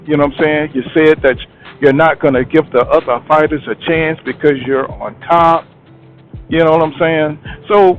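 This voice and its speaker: A man giving a casual boxing commentary monologue, blunt and slangy, who keeps asking "you know what I'm saying". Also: on the high side. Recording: tinny phone-like sound, faint music.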